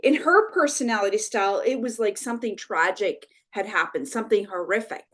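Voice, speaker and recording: A woman guest on an interview show, an animated storyteller who often tags her points with "right?". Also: medium pitch, fairly quick. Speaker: brand expert guest. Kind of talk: conversational interview.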